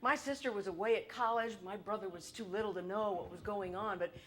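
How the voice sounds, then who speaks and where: A woman performing a solo stage show, telling her family story in an animated, comic, wry way. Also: medium pitch, fairly quick, slight background noise. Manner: animated, comic, shifts between wry and loud.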